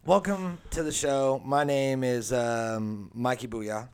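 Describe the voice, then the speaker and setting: A man hosts a podcast in loose, casual chat. He rambles from one topic to the next, cracks jokes and laughs easily, and his voice sits at a middling pitch for a man. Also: fairly even intonation, clean tone. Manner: rambling, joking, quick to laugh. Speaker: podcast host.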